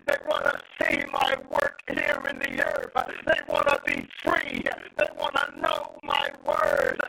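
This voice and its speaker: A man's voice: extremely low pitch, creaky, very noisy. A man preaching a prophetic sermon with rhythmic repeated phrases, breaking his lines with "uh" and "hallelujah".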